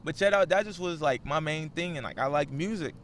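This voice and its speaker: A young man from Kansas City, a podcast guest chatting casually in fast slangy talk, breaking into sudden high-pitched shouts. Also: slight background noise. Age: young adult. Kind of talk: casual chat.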